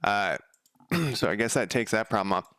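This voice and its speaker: A man's voice: animated, moderate pace, dry recording. Rambling, profane male streamer, dry sound. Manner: loose, profane storytelling with frequent fillers; gets louder and higher when quoting others. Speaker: game developer streaming his coding. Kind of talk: casual rambling livestream chat.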